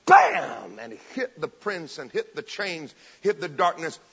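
A man preaching a sermon with fervent, emphatic delivery, loud bursts and joking asides. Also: a little high, animated, moderate pace. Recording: long hall reverb, dull lo-fi sound.

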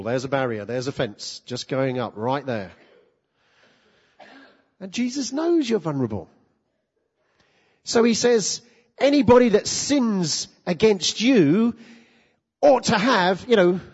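A man preaches to his congregation, pitching his voice fairly high and swooping up and down as he throws rhetorical questions at them. His tone is a little husky. The recording is dull and lo-fi, with a long reverb from the hall. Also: darkish tone. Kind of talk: sermon.

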